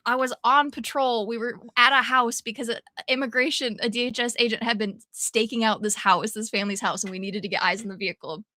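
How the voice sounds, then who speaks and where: A woman's voice: on the high side, fairly quick, few pauses, dry recording. A woman chatting casually as a podcast cast member, telling stories with lots of swearing and laughter. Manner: swears freely, animated storytelling with frequent laughs. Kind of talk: casual chat.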